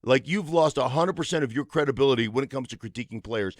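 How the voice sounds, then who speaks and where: A man's voice: medium pitch, fast talker, dry recording. A man in his fifties, a former football player and radio co-host, talking sports with emphatic conviction in a studio. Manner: emphatic, tells stories with conviction.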